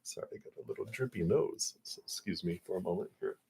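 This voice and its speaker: Male psychic, low voice, soft reassuring tone, loose fillers, live tarot reading. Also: fast, gravelly, breathy edge. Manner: gentle, reassuring, meandering with frequent fillers.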